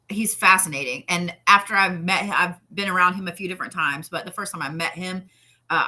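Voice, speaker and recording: A woman guest chatting casually, telling animated stories, laughing often and swearing now and then. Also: on the low side. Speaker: interview guest, pro wrestler. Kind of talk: casual storytelling chat.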